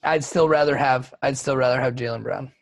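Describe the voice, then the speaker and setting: A man's voice: medium pitch, fairly even intonation, brisk, dry recording. A man co-hosting a sports podcast in casual chat, blunt and opinionated, sounding tired late at night. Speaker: podcast co-host.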